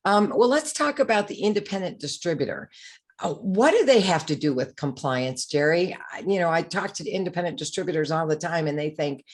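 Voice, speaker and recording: Low-voiced woman hosting an interview. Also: expressive, brisk. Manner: friendly, affirming questioner. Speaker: interview host and course creator.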